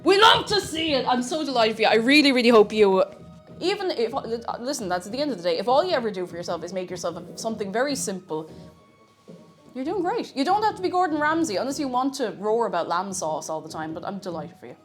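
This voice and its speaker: This streamer's voice sits a little high and has a sing-song lilt as she talks fast. She jokes about herself casually with viewers while baking at home in her kitchen, soft music playing behind her.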